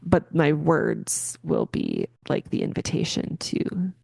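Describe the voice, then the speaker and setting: A woman hosting a podcast, explaining a meditation in a rambling, filler-heavy, gently encouraging way. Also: low voice, huge pitch swings, slow, vocal fry, breathy edge, no echo, clean studio sound. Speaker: podcast host. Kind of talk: casual spoken explanation.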